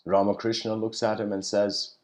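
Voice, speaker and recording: A man giving a reflective spiritual lecture, telling stories slowly with pauses and letting his voice trail off quietly. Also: lowish voice, level tone. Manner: unhurried storytelling with pauses.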